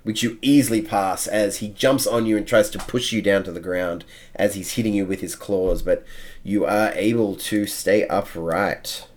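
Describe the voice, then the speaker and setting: A man's voice: on the low side, normal speed. A man running a tabletop game as game master, narrating the action and counting out moves step by step.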